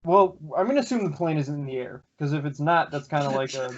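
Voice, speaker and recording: A man's voice: fairly high pitch, lively intonation, fast talker. A man co-hosting a podcast, trading teasing jokes with plenty of swearing. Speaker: podcast co-host. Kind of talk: casual podcast banter. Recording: dull lo-fi podcast audio.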